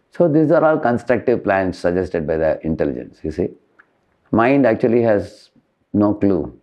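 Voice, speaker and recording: A man's voice: on the low side, sing-song, moderate pace, lo-fi sound. A man giving a spiritual lecture to college students, tagging points with a questioning "huh?" and explaining through everyday analogies. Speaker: spiritual teacher.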